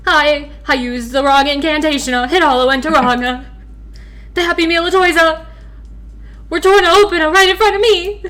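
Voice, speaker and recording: A woman voicing a bumbling, nervous male fry cook in a nerdy voice, halting and full of "uh" fillers. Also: sharp tone. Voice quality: nerdy, higher than her own voice.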